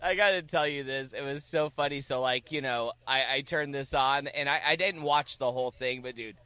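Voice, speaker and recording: A man with a bright, ringing voice chats loosely on a podcast, restarting phrases and repeating words as he thinks. The sound is close and dry, with no room around it. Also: medium pitch, moderate pace, smooth, no room sound. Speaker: podcast co-host. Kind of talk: casual chat.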